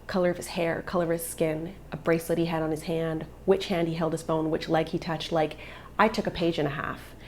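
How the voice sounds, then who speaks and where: A woman's voice: low-pitched, flat delivery, fairly quick, slight background noise. A woman in her thirties, a vlogger and mother, telling a personal story in an earnest, emotional way.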